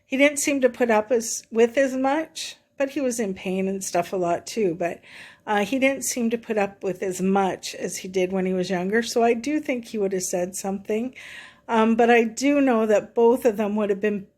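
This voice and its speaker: A woman's voice: a little high, moderate pace, a little mellow. A middle-aged woman, telling a personal story in a chatty, rambling way to a vlog audience. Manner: chatty, rambling retelling with many "I said". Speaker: vlogger. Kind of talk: casual storytelling.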